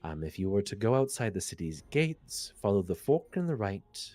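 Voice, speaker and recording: A man's voice: on the low side, big pitch swings, normal speed, mellow, no room sound, faint music behind. A man voicing a curt, dismissive guildsman who is impatient with strangers, during a tabletop game. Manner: haughty, impatient. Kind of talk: tabletop game role-play.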